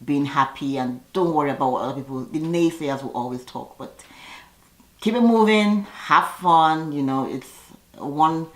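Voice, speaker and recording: Sassy low-voiced woman recapping TV. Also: roomy sound, low-quality recording. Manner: chatty and sassy, quick asides. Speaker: reality TV recap vlogger. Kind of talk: casual recap commentary.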